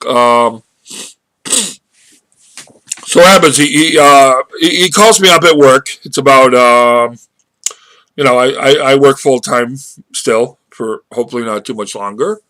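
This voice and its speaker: A man's voice: mid-range voice, pushed and bright, dry recording. A man talking casually into his webcam, rambling and restarting his sentences as he tells a story and draws a marketing lesson from it. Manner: rambling, halting with many restarts. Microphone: webcam microphone.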